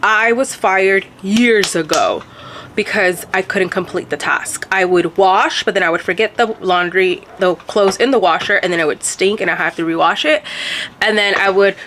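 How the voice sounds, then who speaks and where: A woman's voice: mid-range voice, moderate pace, a bit bright, slight background noise. A woman talking casually to her viewers about home life while cleaning, chatty and swearing now and then. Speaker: vlogger. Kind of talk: casual home vlog chat.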